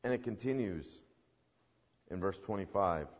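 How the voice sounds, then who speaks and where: A man's voice: deep voice, lively intonation, unhurried, husky. Earnest male preacher, emphatic delivery, dull lo-fi sound. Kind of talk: sermon. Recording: dull recording with long hall reverb.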